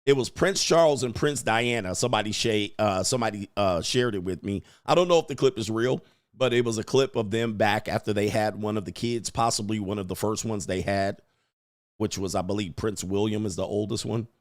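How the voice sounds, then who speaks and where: A man's voice: lowish voice, a little fast, no room sound, clean studio sound. A man hosting a live stream as a dating coach, rambling crudely, reading viewer questions and putting on mock voices.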